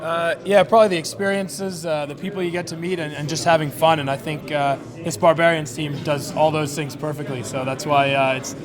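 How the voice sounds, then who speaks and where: A Canadian man, a rugby player, answering interview questions in a relaxed, modest way. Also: on the high side, brisk, few pauses. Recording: outdoors with loud crowd behind.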